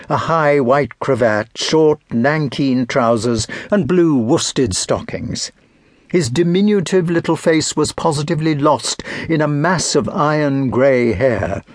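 Measured, expressive male storyteller reading literary fiction, unhurried and lively in pitch. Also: dry recording, studio quality. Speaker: audiobook narrator. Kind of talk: scripted audiobook narration.

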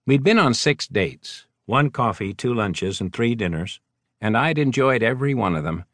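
A man reading a first-person novel as an audiobook narrator, measured and wry. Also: mid-range voice, lively intonation, dry recording.

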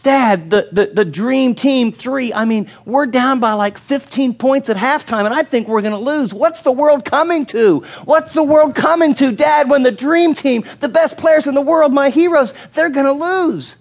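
A man's voice: very high voice, voice pushed up. A man doing a frantic little boy. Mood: panicked. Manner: frantic, rapid, shouting. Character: excited young boy, basketball-crazed, frantic.

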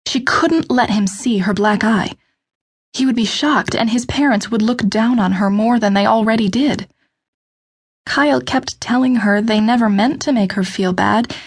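Woman narrating a novel, steady and measured. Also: fairly high pitch, slightly rough. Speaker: audiobook narrator. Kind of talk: scripted narration.

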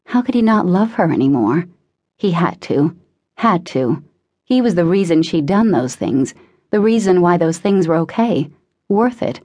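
A woman narrating a teen thriller audiobook in a measured, dramatic reading. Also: low voice, expressive, warm tone, breathy edge. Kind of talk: scripted narration.

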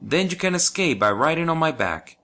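A man's voice: fairly high pitch, big pitch swings, fairly quick, bright, forceful tone, full character voice. A man voicing a wise female yak-like animal who tells a boy how to escape, in a children's storybook. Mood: calm instructive.

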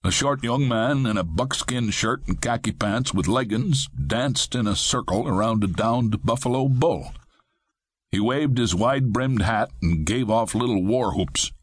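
Guy narrating a western audiobook, bit raspy, dry sound, calm and plain. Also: mid-range voice, unhurried, no echo. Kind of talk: scripted first-person narration.

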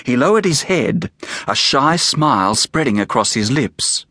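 Male narrator for a kids' novel; animated, storytelling delivery, dry booth sound. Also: mid-range voice, unhurried, dry recording. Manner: expressive, storytelling. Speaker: audiobook narrator and author. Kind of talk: scripted narration of a children's novel.

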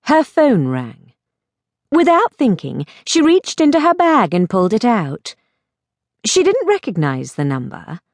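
A woman narrating a mystery audiobook in a measured, expressive storytelling manner. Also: medium pitch, no echo, studio quality.

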